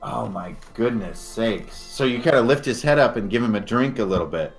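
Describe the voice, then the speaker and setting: A man as game master, narrating scenes descriptively and slowing down for dramatic moments. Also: medium pitch, lively intonation, vocal fry, faint music behind.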